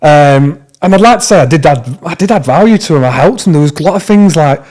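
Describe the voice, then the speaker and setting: A young British man, a podcast guest, telling stories in a casual, slangy, animated way. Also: a little high, fairly quick. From Britain. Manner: animated, slangy, acts out dialogue in lively bursts. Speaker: podcast guest, tattoo artist. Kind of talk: casual storytelling.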